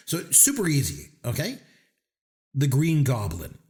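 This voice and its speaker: A man's voice: medium pitch, unhurried. Guy co-hosting a podcast, jokey and self-deprecating, voice bounces up and down a lot. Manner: joking, animated, self-deprecating. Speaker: podcast co-host and trivia quizmaster. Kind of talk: casual podcast chat.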